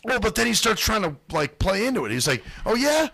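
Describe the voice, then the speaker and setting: A man's voice: high voice, big pitch swings, fast, creaky, sharp tone, dry recording. A man hosting a radio show, telling profane stories in casual chat and mimicking the people in them. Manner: profane storytelling, mimics other people's voices.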